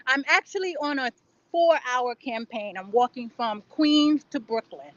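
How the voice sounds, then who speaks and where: A woman's voice: high-pitched, animated, measured pace, no room sound, lo-fi sound. A woman guest chatting cheerfully while walking outdoors. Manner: cheerful, laughing easily. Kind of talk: casual chat while walking. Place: outdoors on a city walk.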